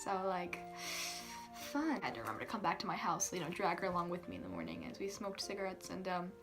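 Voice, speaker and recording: A young woman telling a storytime tale casually. She swears a lot, fills her talk with "like", giggles and sometimes drops to a hush. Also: lowish voice, very animated, fast, music in the background. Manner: giggly, profane, filler-heavy, hushed at times. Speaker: vlogger.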